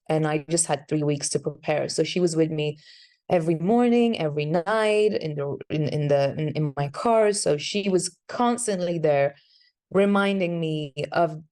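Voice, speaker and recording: A woman's voice: deep voice, darkish tone. A woman, an actress chatting in an interview, searching for words as she talks. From Sweden. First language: Swedish. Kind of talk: casual interview answers.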